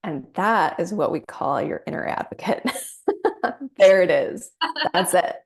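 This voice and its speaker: A woman practitioner guiding a client through a somatic coaching session, gentle and encouraging. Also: lowish voice, lively intonation, slow, vocal fry. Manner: gentle, encouraging, acts out inner voices.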